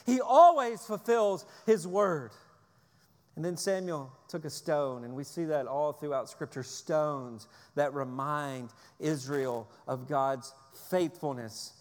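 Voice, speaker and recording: A man's voice: fairly high pitch, slow, in a large hall. A man preaching a sermon, emphatic and repeating key phrases for stress. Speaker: pastor.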